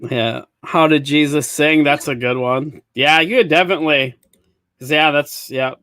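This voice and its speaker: A man's voice: on the high side, moderate pace, sharp tone, dry recording. A man hosting a live comedy podcast, easygoing, reading audience comments aloud and laughing often. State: clearing his throat. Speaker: podcast host. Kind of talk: casual live-show chat.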